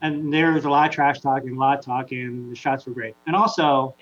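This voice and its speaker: A man's voice: medium pitch, fairly even intonation, fairly quick, fairly bright tone, muffled recording. Easygoing Canadian man with humming audio. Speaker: panel guest. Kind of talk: casual panel chat.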